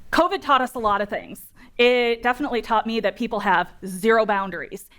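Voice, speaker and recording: A woman's voice: on the high side, fairly quick, pushed and bright. A woman in her thirties giving a humorous, direct conference talk to an audience in a meeting room. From Northern California. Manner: humorous, self-deprecating, direct. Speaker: keynote speaker on dental data security.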